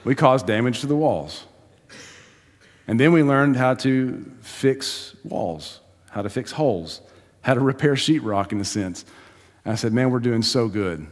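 A man's voice: mid-range voice, expressive, measured pace. A pastor giving a sermon in a conversational, storytelling manner, laughing and building emphasis as he goes. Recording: long hall reverb in church.

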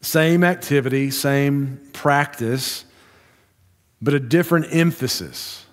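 Male preacher with long hall reverb. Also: medium pitch. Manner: measured, storytelling, with slow emphatic stretches. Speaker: Baptist pastor. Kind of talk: sermon.

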